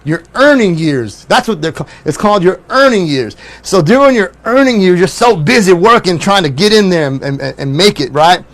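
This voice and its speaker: A man's voice: high voice, expressive, brisk, few pauses, a bit bright. A middle-aged musician talking casually and wistfully, rambling and repeating words as he reminisces. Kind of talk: casual chat.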